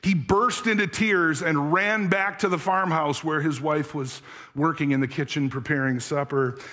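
A man's voice: fairly high pitch, fairly bright tone. Earnest man preaching a sermon. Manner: earnest, searching questions to the congregation; tells a story with acted voices. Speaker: pastor.

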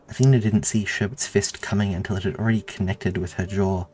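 A man reading his own story aloud in a steady, measured narration. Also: on the low side, soft background music. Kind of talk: audiobook narration.

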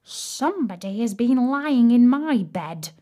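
A little wee boy bear from a storybook, upset and piping a bit higher than a plain telling, his small voice unhurried and measured, as a woman reading aloud puts him on. the delivery stays slow and simple. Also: expressive, warm tone. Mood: indignant.

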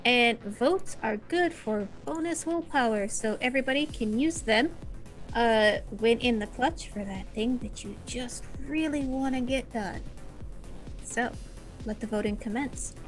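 Woman game storyteller, higher voice, chatty wrap-up with lots of "uh"s. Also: measured pace, faint music behind. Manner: chatty, with frequent "uh" fillers. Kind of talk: casual sign-off of a streamed tabletop game.

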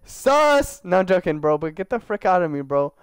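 High, smooth-voiced young man joking over a game. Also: sing-song, normal speed, no room sound. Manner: slangy, joking, talks to his game characters. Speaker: gaming YouTuber. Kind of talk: casual gameplay commentary.

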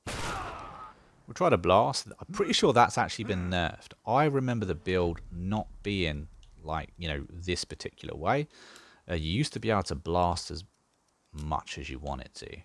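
Low gravelly man playing a game. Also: lively intonation, unhurried. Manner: chatty, thinks aloud while playing, dry sarcasm. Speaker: gaming channel host. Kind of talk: casual gameplay commentary.

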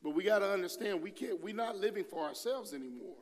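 A middle-aged man with a high, bright voice preaches a sermon in a church, with long reverb ringing around him. He swings his pitch and volume up and down as he acts out the people he quotes. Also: animated, fast. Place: church sanctuary.

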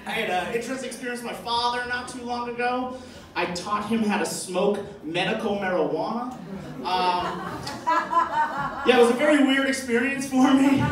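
Guy from boston doing standup, rambly with lots of "like", crowd laughing in a big echoey room. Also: high voice. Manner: rambling, filler-heavy storytelling. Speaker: stand-up comedian. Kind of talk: stand-up comedy set. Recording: echoey club mic from far off. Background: audience laughter.

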